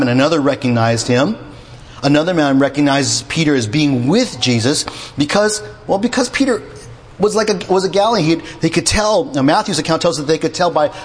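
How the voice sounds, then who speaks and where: A male preacher delivering a sermon, voice sitting a little high for a man. He gets animated and acts out the lines he retells. His voice rings through a hall with a long trailing reverb. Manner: animated, acts out quotes with rising pitch.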